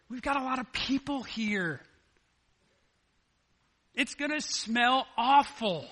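A man preaching a sermon, animated and acting out the scripture dialogue as he retells it. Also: sits high. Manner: animated, acts out the scripture dialogue in lively voices. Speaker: pastor.

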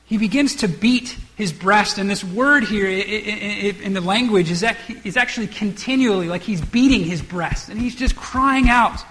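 A man's voice: high voice, normal speed, hardly any pauses, a bit bright, big-room sound. A man preaching a sermon, acting out the characters' lines and often restarting his words. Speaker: pastor.

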